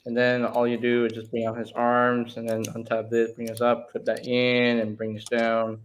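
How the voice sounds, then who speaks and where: A man's voice: medium pitch, monotone, normal speed, slight background noise. A man co-hosting a casual live stream, explaining a toy's transformation step by step. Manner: step-by-step explaining while handling a toy.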